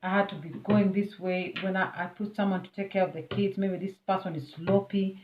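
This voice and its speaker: A woman's voice: mid-range voice, fairly even intonation, a little fast. Chatty Kenyan woman, tinny and echoey. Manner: chatty, emphatic, talks straight to the viewer. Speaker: vlogger. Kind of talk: storytime vlog. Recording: tinny, phone-like and roomy.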